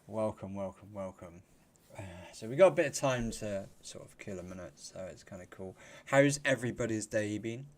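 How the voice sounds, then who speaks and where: A man hosting a casual live stream, chatty and quick to laugh, greeting viewers by name. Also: on the low side. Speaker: livestream host.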